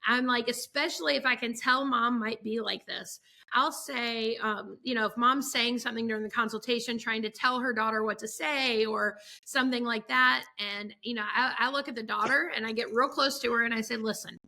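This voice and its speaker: A woman's voice: a little high, steady tone, a little fast, vocal fry, bright, forceful tone. A woman photographer, a podcast guest, telling stories in a chatty way, full of fillers and acted-out quotes. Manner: chatty storyteller, acts out quotes, many fillers. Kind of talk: casual podcast chat.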